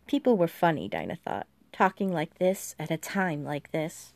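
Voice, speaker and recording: A woman narrating an audiobook in a steady, even storytelling manner. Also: low voice, moderate pace, vocal fry, few pauses, no room sound. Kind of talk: scripted narration.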